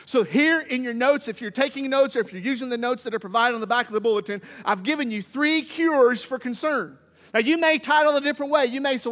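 High-voiced pastor preaching. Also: male voice, fairly quick. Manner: swings from loud exclamations to quiet asides; folksy, humorous anecdotes. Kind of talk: sermon. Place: church sanctuary. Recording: long church reverb.

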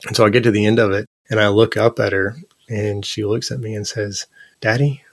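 A man in his thirties, a podcast guest, telling personal stories in an earnest, animated way with lots of "like" and "you know". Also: fairly low pitch, a little fast, creaky, no echo. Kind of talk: casual interview conversation.

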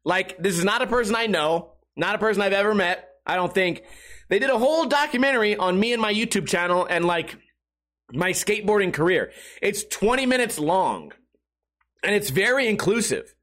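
A man's voice: sits high, lively intonation, normal speed, fairly bright tone. A man chatting casually on a stream, telling rambling stories full of swearing and giggles. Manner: profane, giggly storytelling.

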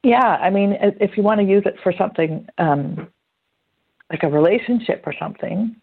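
A woman's voice: mid-range voice, moderate pace, slightly rough. A woman talking casually in an interview, telling stories and acting out quotes as she goes. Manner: chatty, animated storytelling with acted-out quotes. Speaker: guest. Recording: phone-like narrow band.

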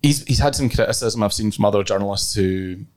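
A man hosting a podcast, speaking in a measured way as he steers the conversation and thinks aloud. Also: lowish voice, a little mellow. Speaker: podcast host. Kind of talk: casual podcast chat.

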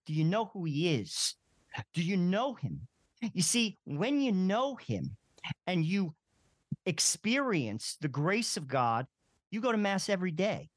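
A man's voice: high voice, very animated, measured pace, no echo. A blunt male podcast co-host who calls himself confrontational. His voice moves up and down a lot. The sound is dry and close. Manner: blunt, self-described confrontational. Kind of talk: casual podcast conversation.

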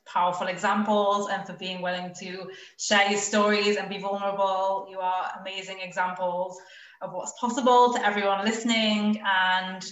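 A woman's voice: mid-range voice, level tone, normal speed, fairly bright tone. Lady host on a video call, lots of little yeahs and so goods, echoey room. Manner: affirming, brief reactions. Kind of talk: hosting an interview podcast. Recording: roomy echo.

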